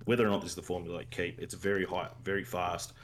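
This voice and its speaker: A man with an Australian accent co-hosting a podcast, talking games casually and excitedly in laid-back slang. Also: low voice, fast, a little hiss or hum. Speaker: podcast co-host. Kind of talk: casual gaming chat.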